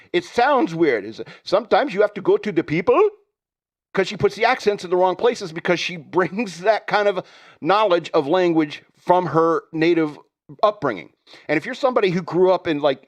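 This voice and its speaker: Rambling sarcastic man, fairly high voice. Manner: rambling, sarcastic, laughs at own jokes. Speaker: podcast host. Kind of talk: opinionated comedic rant.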